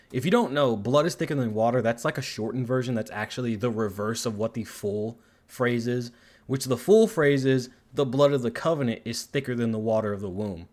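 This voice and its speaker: Male reviewer, average pitch, profane and exasperated, rambling rant style. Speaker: movie reviewer. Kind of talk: ranting film commentary.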